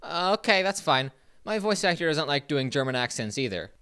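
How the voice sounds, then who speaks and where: A comedy podcast co-host whose delivery swoops wildly up and down in pitch. The tone is mock-serious, and the pitch sits at an average level. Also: big pitch swings, fairly quick, a bit bright, clear, resonant tone.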